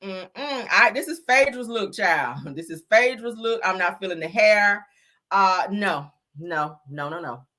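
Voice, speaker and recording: Sassy, lively woman livestream host. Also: medium pitch, a little slow. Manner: sassy, blunt, talks straight to the chat. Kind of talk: casual celebrity fashion commentary.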